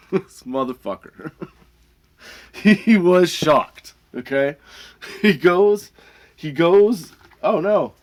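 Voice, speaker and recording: A man's voice: a little high, expressive, extremely slow, long pauses. A male podcast host telling a comic story, swearing freely and laughing between lines.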